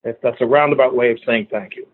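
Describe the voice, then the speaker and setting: A man in his later years, a guest musician telling animated stories with frequent laughs in a casual interview. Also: medium pitch, fast. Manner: animated storyteller, laughs often. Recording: tinny phone line.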